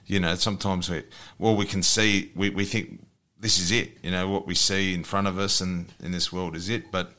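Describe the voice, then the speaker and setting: A man hosting an interview, asking long, gently searching questions. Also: deep voice, little pitch movement, moderate pace. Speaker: host. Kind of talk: interview conversation.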